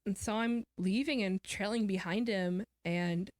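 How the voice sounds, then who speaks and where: A woman speaks candidly as an interview guest, recounting a hard personal story. Her voice sits at a middle pitch and is recorded close and dry, with no room sound. She drops into a somber tone at the painful parts and slips in quick quotes of other people. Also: no echo. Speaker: guest author.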